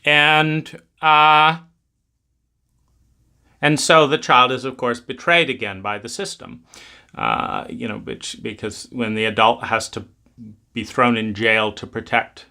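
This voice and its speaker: A man's voice: medium pitch, fairly even intonation, slow, gravelly, pushed and bright. A man giving a reflective spoken talk, rambling with many restarts.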